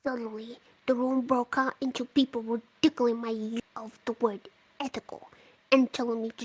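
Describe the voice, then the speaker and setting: Husky woman reading a letter aloud. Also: on the high side, moderate pace, poor audio. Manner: expressive reading, slipping up and swearing at her mistakes. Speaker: letter reader.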